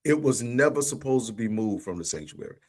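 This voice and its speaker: A man's voice: mid-range voice, animated, fairly quick, darkish tone. A man in a livestream conversation, telling a church story with animation and acting out the dialogue. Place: remote livestream call.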